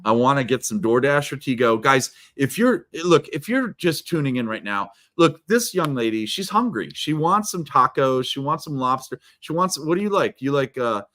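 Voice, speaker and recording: A man telling stories as a guest in a live video interview, energetic and playful. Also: medium pitch, moderate pace, few pauses. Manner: energetic, playful, many restarts. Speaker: guest, keynote speaker. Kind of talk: animated storytelling in a live interview.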